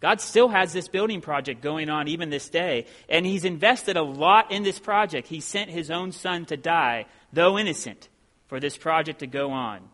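A middle-aged man preaches a sermon in an earnest, emphatic way. His voice sits a little on the high side, and it climbs when he stresses a point. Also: moderate pace, a bit bright. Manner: earnest preaching, rising emphasis on key phrases. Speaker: pastor.

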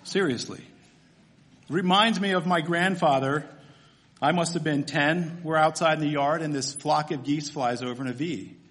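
A man's voice: a little high, normal speed, a bit bright. A man preaching a sermon in a church, humorous and conversational, often asking his listeners questions. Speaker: pastor.

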